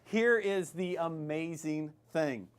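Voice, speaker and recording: A man's voice: a little high, slow pace, smooth. A man hosting a show on retirement investing, talking in a chatty, rambling way with many fillers and restarts. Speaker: financial advice show host. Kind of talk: casual retirement-investing advice talk.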